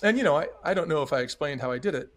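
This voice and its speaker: His voice slightly high, fairly bright and animated, a middle-aged former restaurant chain executive races through his story as a podcast guest. He is earnest and emphatic, often playing out other people's words.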